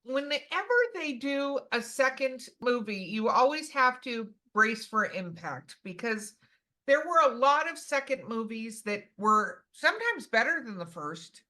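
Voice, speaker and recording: A woman co-hosting a podcast, telling stories in an animated, enthusiastic casual chat. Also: on the high side, unhurried. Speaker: podcast co-host.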